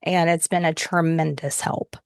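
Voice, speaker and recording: A woman's voice: deep voice, fairly even intonation, normal speed, creaky, no room sound, clean studio sound. A woman hosting a podcast, talking casually and reflectively, laughing easily. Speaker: podcast host. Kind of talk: casual chat.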